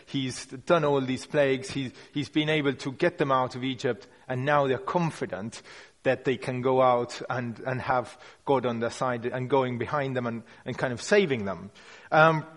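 A man delivers a relaxed, chatty sermon at a middling pitch. He often circles back and rephrases mid-thought. His voice carries a long hall reverb. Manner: conversational and unpolished, with frequent restarts and hedging words. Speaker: preacher. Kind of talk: informal sermon.

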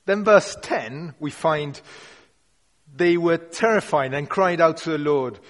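A man's voice: a little high, slow. Guy preaching casually, kinda rambly, keeps restarting, echoey big hall. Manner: conversational and unpolished, with frequent restarts and hedging words. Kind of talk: informal sermon. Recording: long hall reverb.

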